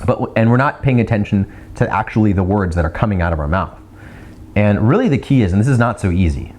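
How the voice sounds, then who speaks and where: A low, mellow male voice that rises and falls in wide swings. He talks to the camera in a relaxed, rambling way, restarting phrases often. At times he slows down on purpose to show a steady rhythm. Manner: chatty, repeats words, demonstrates slow rhythmic delivery. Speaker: video host giving speaking tips. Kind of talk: casual teaching monologue.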